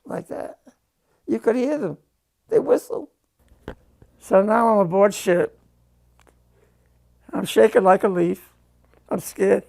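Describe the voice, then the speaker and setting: An older man giving a halting, emotional personal war testimony, repeating phrases as he recounts. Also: high voice, lively intonation, gravelly, darkish tone.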